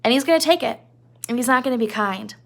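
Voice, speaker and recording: A woman's voice: fairly high pitch, fast talker, creaky. A woman teacher giving a conversational classroom lecture, retelling a novel with asides and checks on her listeners.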